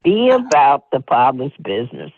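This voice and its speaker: Lively preacherly woman on a tinny line. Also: rumbling low, moderate pace. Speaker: host. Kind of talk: spiritual group call, call-and-response. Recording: tinny phone-line audio.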